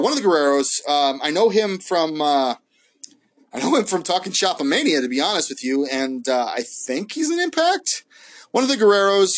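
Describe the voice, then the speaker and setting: Solo host, male, rambly casual review, lots of ums and restarts, voice sits a bit high. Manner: rambling, hesitant, many fillers and restarts, laughs often. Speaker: wrestling podcast host.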